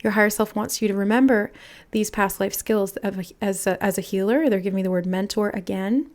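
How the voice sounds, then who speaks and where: A woman giving an intuitive tarot reading, musing aloud in a soft, channeling manner as she relays messages. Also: mid-range voice, a little fast. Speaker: tarot reader.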